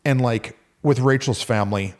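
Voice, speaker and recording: A man's voice: mid-range voice, normal speed. A man in an ordinary middle register talks easily as a pastor co-hosting a faith podcast. His delivery is loose and conversational. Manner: relaxed and conversational, slips into animated quoted voices. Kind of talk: casual faith podcast chat.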